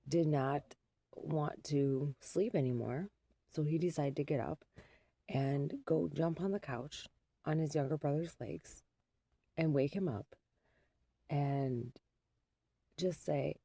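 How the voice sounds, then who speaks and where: A woman with a low, mellow voice and a gravelly edge tells a story from home as a mother. She rambles and pokes fun at herself, with plenty of ums and restarts. The sound is dry and close. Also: no echo. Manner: rambling and self-deprecating, with many fillers.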